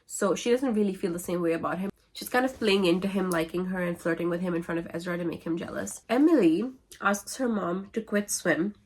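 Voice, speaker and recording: A woman with a low voice retells novels in a casual vlog. Her delivery is wry and sarcastic, full of offhand asides. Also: brisk, breathy edge. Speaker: book vlogger. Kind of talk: casual book-summary vlog.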